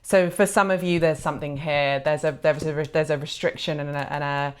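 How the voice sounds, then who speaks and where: Woman, low voice, tarot reader; gentle, reassuring, heartfelt delivery. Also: steady tone, a little fast, clear, resonant tone. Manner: gentle, reassuring, heartfelt, many soft fillers. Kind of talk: pick-a-card tarot reading.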